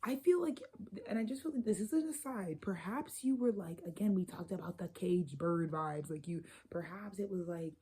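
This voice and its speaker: A woman giving a casual, channeled tarot reading to her viewers. She talks in a loose, profane, animated way. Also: fairly low pitch, moderate pace, husky. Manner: loose, profane, animated, slipping into quoted voices. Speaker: tarot reader.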